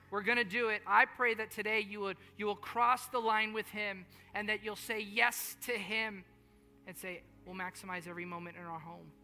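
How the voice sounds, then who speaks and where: A male pastor delivers a sermon in an earnest, repetitive cadence, dropping into hushed storytelling before rising into fervent appeals. His voice sits high and sounds intensely bright and sharp. It rings out with a long reverb through a large church hall, with faint music underneath.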